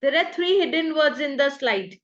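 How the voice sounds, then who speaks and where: A woman's voice: high-pitched, animated, normal speed, highs cut off. A woman with an Indian English accent teaching an online design workshop over a video call, patiently explaining ideas step by step with examples. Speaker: workshop trainer.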